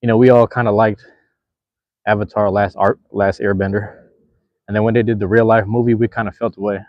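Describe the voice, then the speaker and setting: A young man hosts a live stream, chatting loosely with his viewers in a slangy, rambling way. His voice sits low, and the sound is dry and close. The stream audio is a little dull and lo-fi. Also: little pitch movement, fairly quick, no echo. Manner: laid-back, slangy, rambling. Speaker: livestream host. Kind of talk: casual live chat with viewers.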